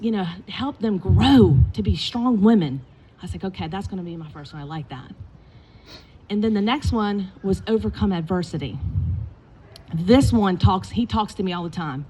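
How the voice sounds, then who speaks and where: A middle-aged woman, a basketball coach, telling lively stories in a eulogy and acting out the quotes. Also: mid-range voice, slight background noise. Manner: animated storytelling with acted quotes. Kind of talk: eulogy with storytelling. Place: indoors at a funeral gathering.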